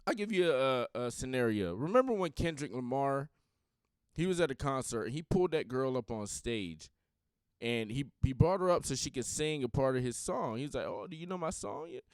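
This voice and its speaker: Podcast host, male, smooth dry voice, blunt and rambling in casual opinion talk. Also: mid-range voice, lively intonation, moderate pace, dry recording.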